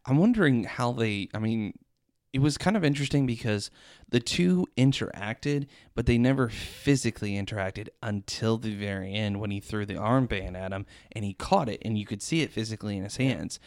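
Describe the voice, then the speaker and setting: A man's voice: fairly low pitch, a little fast, a little mellow, no room sound, clean studio sound. A young man in a casual movie chat, hesitant and thinking aloud with repeated words. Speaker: podcast co-host.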